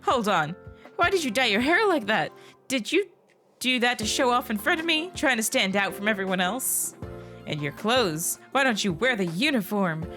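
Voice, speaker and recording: A woman voicing a paranoid, hostile young man in a game who shouts accusations loudly. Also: fairly high pitch, big pitch swings, moderate pace, soft background music, voice pushed up. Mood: hostile accusing. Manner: shouting accusations, loud and jumpy.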